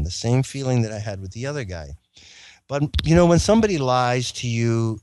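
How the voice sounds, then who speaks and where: Man, animated storytelling monologue, acts out quoted lines with big pitch jumps, mid pitch, dry recording. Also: clear, resonant tone, dry recording.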